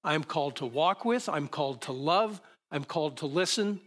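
Guy preaching in church, kinda high voice, talks casual, lots of restarts, bossing volunteers around up front. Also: expressive, a bit bright. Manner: conversational, halting restarts, coaches volunteers on stage. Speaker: pastor. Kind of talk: sermon with live stage demonstration. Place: church stage before a congregation.

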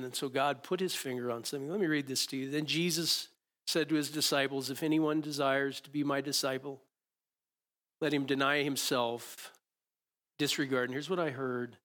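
Middle-aged guy preaching, lively, acts out talks with god, kinda high voice. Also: normal speed. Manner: animated preaching, acts out prayers and dialogue with God. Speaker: pastor. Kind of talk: sermon.

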